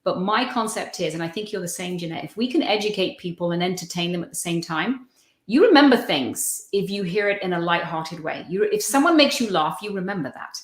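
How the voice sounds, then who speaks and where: A woman's voice: lowish voice, animated, a little fast, reverberant. A woman guest on a live-stream video call, telling personal anecdotes in a chatty, storytelling way. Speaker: guest feng shui consultant.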